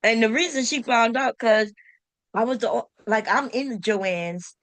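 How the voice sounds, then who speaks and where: Woman, sewing vlogger, casual storytelling, emphatic, talks to viewers, higher voice, dry close sound. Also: normal speed, a bit bright, no echo. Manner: exasperated retelling with rhetorical questions. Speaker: sewing channel host.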